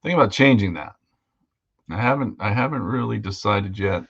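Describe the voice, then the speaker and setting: A man's voice: on the low side, lively intonation, a little fast, vocal fry, lo-fi sound. A man hosting a live hobby show, chatting casually and rambling as he paints models. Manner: rambling and easygoing, with fillers. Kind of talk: casual livestream chat while painting models.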